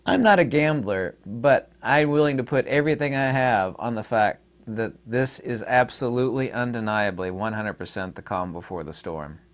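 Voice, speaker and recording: A man's voice: mid-range voice, moderate pace, hardly any pauses. A man talking to his audience in a casual solo monologue, rambling and emphatic, with many fillers and restarts. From United States. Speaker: online commentator.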